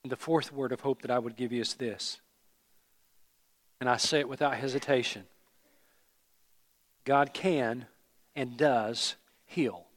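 Earnest preacher in a reverberant hall. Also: male voice, mid-range voice, steady tone, measured pace, long pauses. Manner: earnest, builds to emphatic rises, drops to hushed endings. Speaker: pastor. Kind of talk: sermon.

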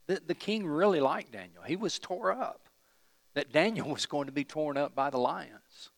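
A man's voice: on the high side, very animated, normal speed, vocal fry, no room sound, long reverb tail. A man pastor preaching a sermon, emphatic and putting questions to the congregation.

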